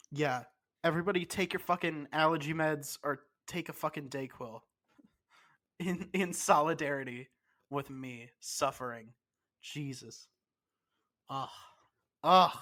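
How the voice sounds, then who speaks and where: Stuffed-up male co-host, slightly high, bright and forceful, profane, mock-outraged rants. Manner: profane, ranting, mock-indignant. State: congested. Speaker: podcast co-host. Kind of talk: casual chat.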